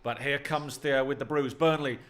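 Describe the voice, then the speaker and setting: A man's voice: mid-range voice, moderate pace, a bit bright. A middle-aged man co-hosting a live football stream, easygoing, reading viewers' messages. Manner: easygoing, reads viewer chat aloud. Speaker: co-host, streamer's father.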